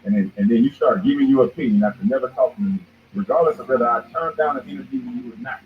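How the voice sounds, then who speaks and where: A man's voice: medium pitch, racing. Male show host, confrontational rant, mid-range voice, phone-thin sound with a faint hiss. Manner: heated, confrontational, repeats "boy". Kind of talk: ranting commentary monologue. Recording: tinny phone-like line with faint noise.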